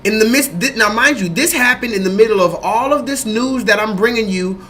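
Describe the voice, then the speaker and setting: Animated man livestreaming to his chat. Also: sits high, a little fast, slight background noise. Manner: animated, rambling, profane, talks to the chat. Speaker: livestream host. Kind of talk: livestream commentary.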